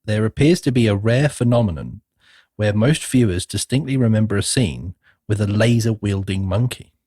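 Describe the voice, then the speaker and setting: A man's voice: on the low side, normal speed, warm tone, husky, dry recording, studio quality. A young man co-hosting a podcast, chatting casually about a film with fillers and laughs. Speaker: podcast co-host. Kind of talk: casual film review chat.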